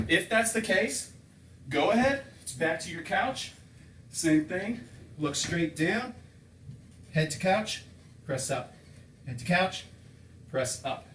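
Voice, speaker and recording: Somewhat breathless from exercising alongside his viewers, this male fitness coach counts repetitions and talks through the moves in a room at home with a couch and table. His voice sits fairly high and sounds fairly bright. The audio picks up slight background noise, and the distant mic leaves the room sounding echoey.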